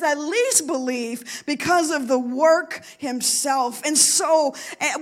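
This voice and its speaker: A woman's voice: extremely high pitch, fairly bright tone. A woman in her forties preaching an earnest, emotional sermon, her voice swelling and dropping. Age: 40s.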